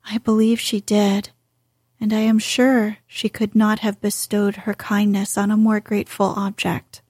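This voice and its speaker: A spirited, quick-witted young lady from a classic novel , read by a woman narrator. She answers politely, taking her time. Her voice is mellow and slightly husky, recorded dry and close. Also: medium pitch, little pitch movement, no room sound.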